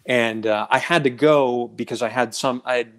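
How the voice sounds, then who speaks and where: A man speaking as a guest in a casual conversation, weighing his words with frequent restarts and fillers. His voice sits at an ordinary male pitch. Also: steady tone, moderate pace. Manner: thoughtful, hesitant with restarts. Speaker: guest on a dating advice show. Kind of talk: casual chat, personal anecdotes.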